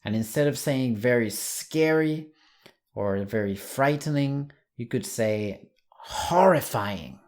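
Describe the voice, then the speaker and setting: A man teaching an English lesson online, saying example words slowly and clearly. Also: medium pitch, animated, a little mellow.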